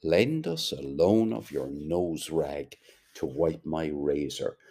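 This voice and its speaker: A man's voice: very deep voice, expressive, slow, warm tone, heavily acted. A man reading aloud as a brash, swaggering young man who mocks his friend. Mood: mocking.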